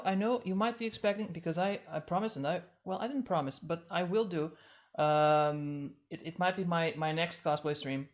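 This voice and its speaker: A woman's voice: sits low, normal speed, hardly any pauses. A woman chatting casually on a live stream as a cosplay streamer, flustered and a little out of breath, with many stumbling restarts.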